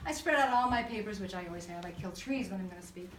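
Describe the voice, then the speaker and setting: A woman counselor talking to a church group, telling stories in an animated way, acting out voices and laughing often. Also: mid-range voice, fast, slight background noise. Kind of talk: church talk to a live group. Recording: echoey room recorded from far off.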